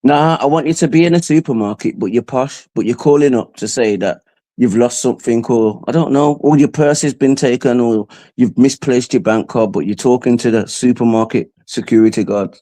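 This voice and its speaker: A man's voice: mid-range voice, fairly quick, mellow. A man chatting casually as host, rambling in street slang. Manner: rambling, slangy, says "you get me". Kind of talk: casual chat.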